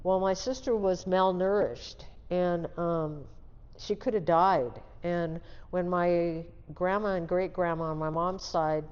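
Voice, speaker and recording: A woman's voice: lowish voice, fairly even intonation, slow pace, darkish tone, clear, resonant tone. A woman in her sixties from the Seattle area, telling her life story as an interview guest in a candid, plain-spoken way. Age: 60s. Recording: dull, lo-fi sound with long reverb.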